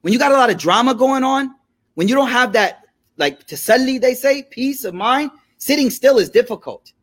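Man, high-pitched voice, religious teacher, casual storytelling lecture, slangy, checks in with listeners. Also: expressive, moderate pace, a bit bright.

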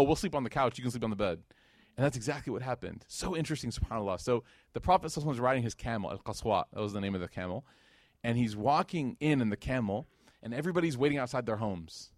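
A young man preaching in a casual, animated storytelling way, acting out the people in the story and joking along the way. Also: mid-range voice, no room sound, clean studio sound. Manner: animated storytelling with voices and jokes. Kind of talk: casual Islamic lecture.

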